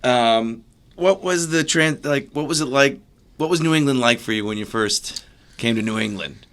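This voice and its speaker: A man's voice: mid-range voice, moderate pace, fairly bright tone. A man interviewing a guest in a casual chat, asking playful, joking questions.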